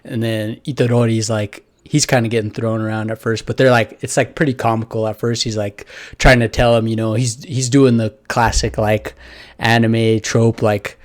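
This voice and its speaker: A man's voice: lowish voice, level tone, normal speed. A man giving a casual, rambling anime episode review, full of fillers and offhand swearing.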